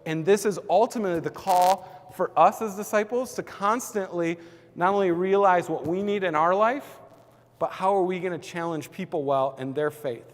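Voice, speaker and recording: A man's voice: high voice, moderate pace, long reverb tail. A man leading a church team's training session in a casual, conversational teaching style, full of "like" and "kinda". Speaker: church team leader.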